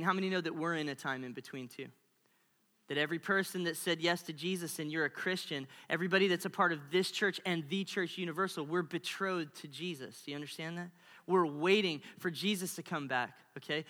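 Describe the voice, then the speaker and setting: A male pastor preaches with animated storytelling and playful asides to his church. His voice is high and very bright. It rings out with a long reverb through a large hall. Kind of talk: sermon.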